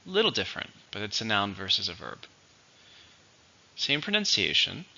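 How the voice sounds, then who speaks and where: A man teaching English vocabulary, explaining words slowly and clearly in a teacherly way. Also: on the low side, wildly swooping pitch, pushed and bright, dull audio. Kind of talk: vocabulary lesson.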